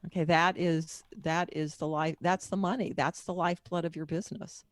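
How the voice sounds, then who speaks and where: A woman's voice: low-pitched, fairly even intonation, moderate pace, no room sound, studio quality. A middle-aged woman being interviewed as a guest author and coach, telling her story in a candid, personal, wandering way.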